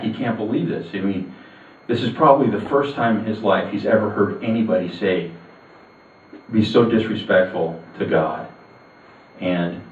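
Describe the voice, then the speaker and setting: A man preaching in a church hall, his low voice recounting a Bible story in a chatty, storytelling manner. The room rings around him, he sits far from the mic, and the sound is narrow and phone-like. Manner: storytelling, conversational with asides. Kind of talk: sermon retelling a Bible story.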